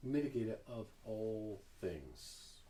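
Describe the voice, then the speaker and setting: A man's voice: fairly low pitch, expressive, dark tone, pitched below the performer's own voice. A man putting on a haughty Southern shopkeeper woman. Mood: probing. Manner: stammering, halting. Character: haughty female cosmetics seller with a put-on Southern drawl. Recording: echoey room from far off, faint noise.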